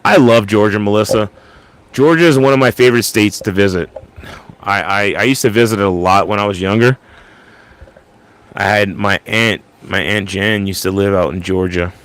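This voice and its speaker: A man's voice: fairly low pitch, normal speed, fairly bright tone. A man hosting a casual late-night livestream into an ASMR microphone, rambling and stammering as he repeats words. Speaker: livestream host.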